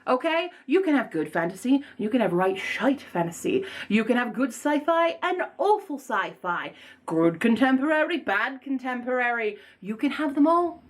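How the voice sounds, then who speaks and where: A young woman talks casually to her camera about books, animated and rambling, poking fun at herself as she goes. Her voice sits slightly high. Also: normal speed. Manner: animated, rambling, self-mocking. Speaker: book vlogger.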